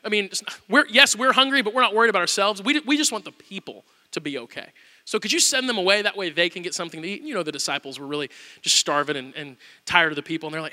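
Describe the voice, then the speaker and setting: A male pastor preaching a sermon, telling the story with animated storytelling and acting out the quotes. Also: high-pitched, fast, big-room sound.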